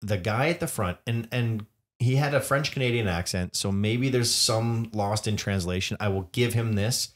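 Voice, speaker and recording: A man with a somewhat low voice co-hosts a casual podcast. He talks emphatically and with indignation, and mixes in jokes. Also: normal speed. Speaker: podcast co-host. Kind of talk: casual storytelling chat.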